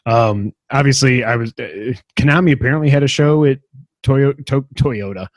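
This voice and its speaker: A man's voice: mid-range voice, normal speed, dry recording. A man hosting a casual gaming news podcast, rambling and enthusiastic, poking fun at himself. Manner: enthusiastic, rambling, self-deprecating. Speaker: podcast host.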